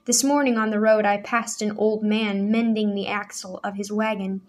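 A woman's voice: medium pitch, little pitch movement, moderate pace, close to an everyday voice. A woman voicing a hot-tempered teenage boy who speaks rudely and with passion. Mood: angry. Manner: rude, passionate, defiant.

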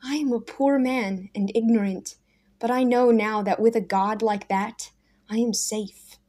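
A humble, calm man of faith, as a woman puts him on while reading a storybook. He speaks slowly and steadily, his quiet conviction never rising to a shout. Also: a little high. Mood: calm, steady.

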